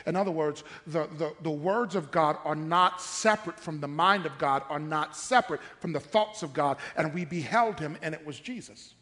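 A man's voice: fairly high pitch, normal speed, hardly any pauses, a bit bright. A man preaching a sermon in church, emphatic and firing questions at the congregation.

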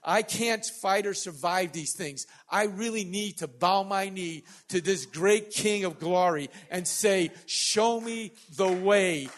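A man in his sixties preaching a sermon as pastor, swinging between loud emphatic passages and quiet joking asides to the congregation. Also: sits high, measured pace, hardly any pauses.

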